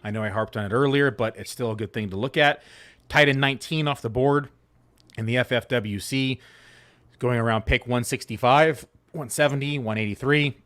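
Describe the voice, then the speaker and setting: A man's voice: medium pitch, moderate pace, a bit bright. A man co-hosting a fantasy football show in a casual, rambling way with plenty of fillers. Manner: laid-back, rambling with many fillers. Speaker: fantasy football analyst co-host. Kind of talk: casual podcast chat.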